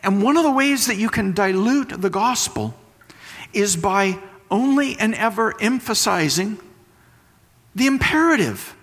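Preaching unhurriedly, a married man uses a high, expressive, fairly bright voice. This pastor's sermon leans on everyday comparisons and repeated key phrases, heard in a long, reverberant hall.

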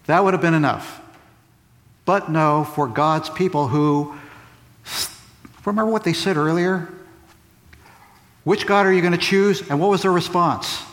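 A pastor with a slightly high, somewhat bright voice preaches a sermon, posing rhetorical questions and repeating key phrases for emphasis. The recording has the long reverb of a large hall.

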